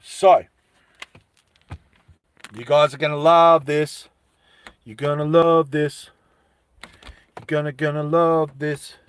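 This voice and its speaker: A man's voice: fairly high pitch, fairly even intonation, slow pace, long pauses, clean tone. A man telling a story casually to a live chat as a streamer, chatty and rambling.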